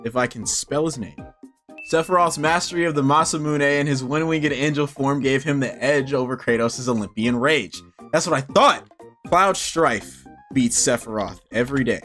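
A man's voice: on the high side, a bit bright. A young man giving casual, sarcastic gameplay commentary, laughing and swearing as he plays. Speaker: gaming video creator.

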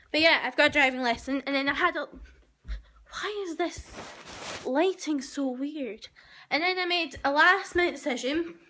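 Young girl chatting away to her camera at home, high bright voice, gossipy and animated. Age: young adult. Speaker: vlogger. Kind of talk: casual chatty vlog. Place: at home, indoors. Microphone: handheld camera.

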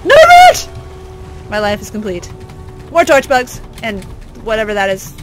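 A woman hosting a let's play, giving silly, excitable gameplay commentary and bursting into yells. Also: medium pitch, normal speed, heavy background noise. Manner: excitable, silly, prone to sudden yelling.

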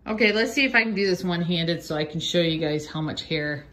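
A woman's voice: fairly low pitch, fast talker, a bit bright. A middle-aged woman chatting casually on camera as she grooms her dog at home, often slipping into a sing-song voice to talk to her pets. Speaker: pet vlogger. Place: home grooming area indoors. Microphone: handheld phone camera.

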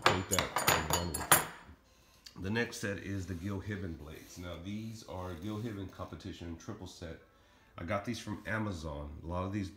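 A man's voice: sits low, fairly bright tone. A middle-aged man casually showing and reviewing his throwing knives, rambling with lots of ums. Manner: rambling, many ums, talks fast and plainly. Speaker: knife-throwing hobbyist reviewing his blades. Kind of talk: casual show-and-tell vlog. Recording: echoey room with faint noise.

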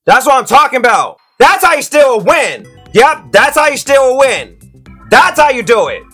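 Slangy gamer guy, high voice that jumps all over, super bright, chatting to his viewers. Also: moderate pace, faint music behind. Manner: excitable, slangy, talks to viewers. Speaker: YouTube gamer. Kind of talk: let's-play commentary.

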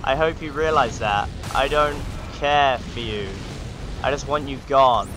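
A man talks through a video game in a sarcastic, joking running commentary. His voice sits at a middle pitch. Game sounds and noise run clearly underneath. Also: unhurried. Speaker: gaming channel host. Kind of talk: let's play commentary.

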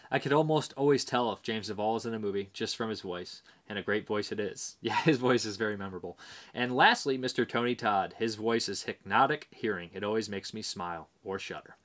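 Low-voiced man rambling on a vlog. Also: fairly bright tone. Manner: rambling, hesitant, many fillers. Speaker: movie reviewer host. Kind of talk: casual vlog talk, reading viewer answers.

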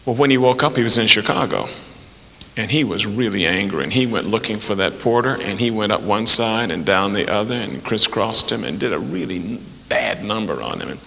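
A man spins folksy jokes at an easy pace, his low voice ringing very bright. He drops into quick voices for the people in his stories. The sound carries the long tail of a large hall. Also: animated, gravelly, a little hiss or hum. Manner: folksy, unhurried joke telling with playful character voices. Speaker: storyteller. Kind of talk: telling jokes to an audience.

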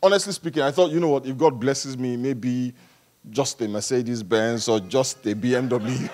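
A male pastor preaching a sermon at a church service, animated and humorous, swinging between quiet asides and loud passages. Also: medium pitch, normal speed, a faint crowd.

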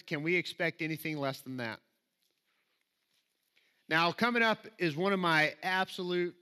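Bright-voiced Southern preacher. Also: male voice, a little high. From Alabama, US. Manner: conversational and self-deprecating, rising to emphatic reading. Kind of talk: sermon. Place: church sanctuary.

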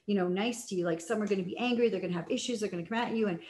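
A woman's voice: medium pitch, racing, darkish tone, slight background noise. A woman sales coach talking in a casual teaching style, chatty, with many fillers and restarts. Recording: echoey room.

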